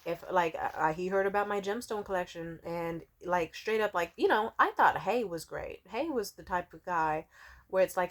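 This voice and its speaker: A woman's voice: lowish voice, normal speed. Rambling, foul-mouthed woman vlogger. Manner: profane, rambling, many "like" fillers. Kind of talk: casual storytime rant.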